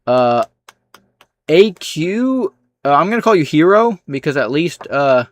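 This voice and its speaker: A man's voice: on the high side, big pitch swings, unhurried, no echo. Dry, sarcastic male streamer. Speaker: livestreamer. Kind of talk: reading out live chat comments.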